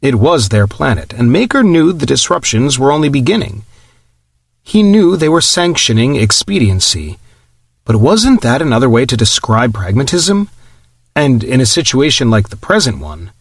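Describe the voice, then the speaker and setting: A man's voice: mid-range voice, very animated, moderate pace, no room sound. Man narrating an audiobook, dry sound. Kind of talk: scripted narration.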